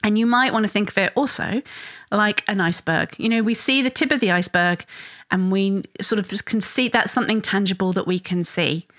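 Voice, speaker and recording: A woman's voice: medium pitch, a little fast, a bit bright, dry recording, clean studio sound. A woman hosting a parenting podcast, talking conversationally and sometimes acting out a parent's and a child's voices. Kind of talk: solo podcast explanation.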